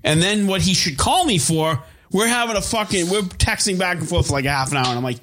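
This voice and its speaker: A man's voice: high voice, fairly quick, few pauses. A man chatting casually with friends, swearing often and acting out phone calls in funny voices. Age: adult with young kids. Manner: profane, animated, mimics people in quotes. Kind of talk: casual group chat.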